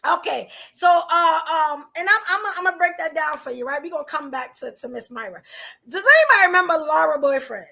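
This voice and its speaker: A woman's voice: high-pitched, lively intonation, a little fast, gravelly, bright, forceful tone. A woman hosting a livestream, chatting casually with viewers, full of rhetorical questions and fillers. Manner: chatty, addresses chat viewers directly. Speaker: podcast host.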